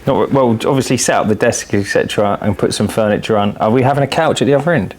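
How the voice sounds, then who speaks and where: A man's voice: fairly low pitch, quick pace. A man co-hosting a podcast, teasing his friend in playful banter. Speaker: podcast co-host. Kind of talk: casual chat.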